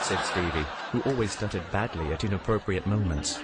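A man narrating a comic story in a deadpan tone, with music behind him. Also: deep voice, moderate pace, few pauses.

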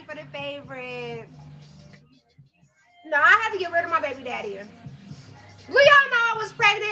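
Young woman, livestream host: high, bright and sharp voice, brash and teasing, laughs a lot. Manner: loud, brash and joking, laughs often. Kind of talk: casual livestream chat with viewers.

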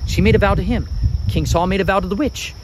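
Speaking fast in a high-pitched voice, a father casually reads Bible passages to his family and explains them. He's animated and chatty, repeatedly stopping to talk with his kids. Background noise is present.

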